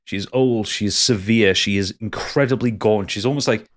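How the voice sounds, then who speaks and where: A man's voice: on the low side, moderate pace. A man running a tabletop game as game master, narrating casually and playfully, often tripping over and repeating his words.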